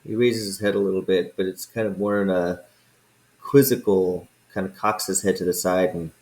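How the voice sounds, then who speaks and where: A man narrating calmly and descriptively as game master of a tabletop game. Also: deep voice, moderate pace, poor audio.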